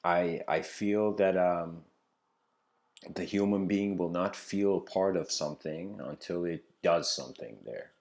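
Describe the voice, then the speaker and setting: A man's voice: deep voice, measured pace, a little mellow. A man giving an improvised lecture that mixes a story with reflection, talking loosely with lots of fillers. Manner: loose, filler-heavy, with frequent "you know".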